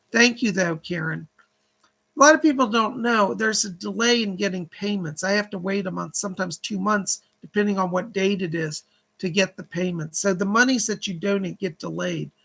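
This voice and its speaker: Gravelly, husky male psychic livestreamer. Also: high-pitched, sharp tone. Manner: relays spirit messages in long chains of "she said". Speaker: psychic medium host. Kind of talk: live-streamed psychic reading.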